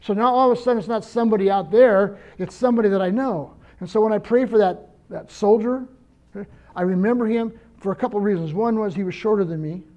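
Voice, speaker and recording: High-voiced older male pastor. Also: quick pace, warm tone, highs cut off. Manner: earnest, personal, anecdotal. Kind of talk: conversational sermon.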